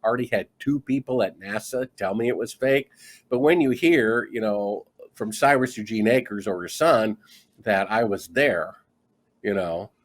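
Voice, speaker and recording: A middle-aged man with a fairly low voice talks as a guest in a conversational interview. He tells his story with energy, acts out what people said and slips into a livelier delivery as he goes. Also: normal speed. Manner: animated storyteller acting out quoted dialogue. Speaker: guest author.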